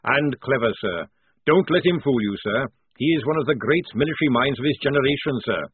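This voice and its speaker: A man's voice: mid-range voice, a little fast, slightly rough, no echo, voice pushed up. A man voicing a crafty, knowing old army sergeant with sly, conspiratorial soldier talk in an audiobook. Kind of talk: audiobook character voice. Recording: tinny, dry, phone-like sound.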